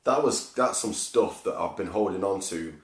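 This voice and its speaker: Male podcast host, deep voice, rambling reflective chat, echoey room. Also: normal speed. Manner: reflective, rambling, with many fillers. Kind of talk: casual chat.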